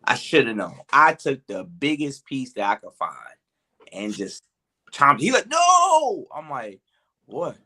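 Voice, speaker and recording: A man's voice: medium pitch, expressive, a little slow, sharp tone, husky. A man co-hosting a podcast, telling a story in loose, rambling casual chat. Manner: laid-back, loose and rambling, with fillers. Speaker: podcast co-host.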